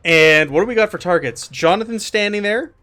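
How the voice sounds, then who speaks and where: A man runs a tabletop game as game master, narrating scenes in a fairly high voice. He talks loosely, with plenty of ums and likes. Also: a little fast. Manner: relaxed, filler-heavy descriptions.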